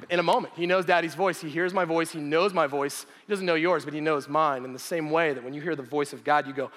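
A man in his thirties preaching a sermon to a congregation, animated and conversational, often repeating phrases for emphasis. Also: fairly high pitch, quick pace, hardly any pauses, in a large hall. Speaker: pastor. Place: church gathering.

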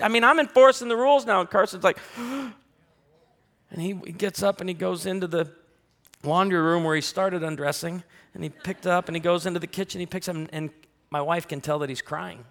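A male pastor preaching in an animated way, with a voice a little higher than most men's. He tells humorous family stories and breaks into loud, acted-out quotes. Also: normal speed, big-room sound.

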